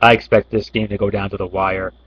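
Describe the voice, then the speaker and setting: A man's voice: fairly low pitch, flat delivery, fairly quick, fairly bright tone, slightly rough, no echo, lo-fi sound. A man talking casually about upcoming basketball games as a sports commentator, with plenty of fillers and restarts. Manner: unscripted, many fillers and restarts. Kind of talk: casual talk.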